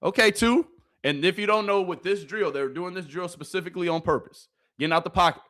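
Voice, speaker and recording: A man's voice: high voice, fast, a bit bright. Hyped man commentating football clips. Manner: hyped, chatty, laughing, slangy. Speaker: sports video host. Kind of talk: casual live commentary over game clips.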